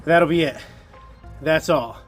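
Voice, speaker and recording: Upbeat chatty man, high-ish voice. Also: slow pace, soft background music. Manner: upbeat and chatty, self-assured. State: a little out of breath. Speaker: channel host. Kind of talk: casual DIY vlog narration.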